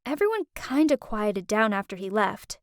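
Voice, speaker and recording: A young woman narrating an animated story in first person, chatty and breathless. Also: mid-range voice, moderate pace, no echo, studio quality.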